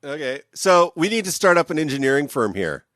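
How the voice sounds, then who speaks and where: A man's voice: a little high, sing-song, fairly quick, a bit bright. A man hosting a casual podcast, joking, laughing often and swearing. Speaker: podcast host.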